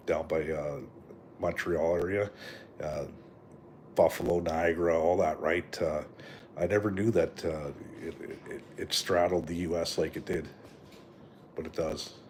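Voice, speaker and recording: A middle-aged Canadian man with a low, darkish voice hosts a live stream, rambling casually and profanely with plenty of fillers and "right?" tags. A faint hiss or hum sits under the audio.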